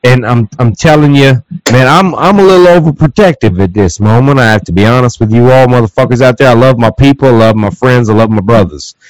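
A man's voice: medium pitch, fast talker, few pauses, no room sound, low-quality recording. A man hosting a casual podcast chat with childhood friends, swearing a lot and talking in a heated, emotional way. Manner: profane, emotional, protective. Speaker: podcast host.

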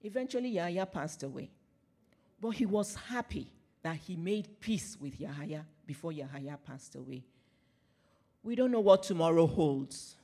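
A man preaching a sermon, earnest, telling a personal story and repeating phrases, often letting his voice fall soft at the end of a line. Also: a little high, animated, a little slow. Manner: earnest, with soft drops in volume at the ends of phrases.

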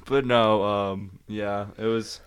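Young man, lowish voice, casual podcast guest, laughs through his story, animated. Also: slow, clean tone.

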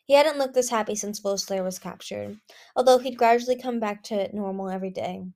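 A woman reading a fantasy novel aloud, narrating between the characters' lines and pausing now and then to fix small slips. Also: mid-range voice, dark tone. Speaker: audiobook reader.

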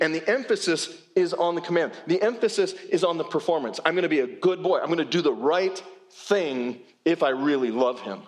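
A man's voice: on the high side, animated, a little fast. A male pastor preaching a sermon in a church, with a conversational, emphatic delivery and frequent repeated words. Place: church sanctuary.

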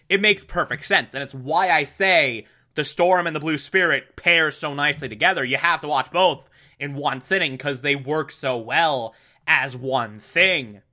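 A man with a bright, fairly high voice giving a casual spoken review of an episode. He talks at an unhurried pace, enthusing and rambling as he goes. He often cuts himself off mid-thought. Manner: enthusiastic, rambling, self-interrupting. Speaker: show reviewer.

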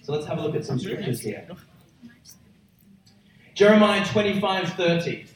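Male preacher, somewhat high voice, booming sermon, heard from far off in a very echoey church hall. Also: big pitch swings, normal speed, a crowd in the background. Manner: emphatic, building to loud roaring peaks.

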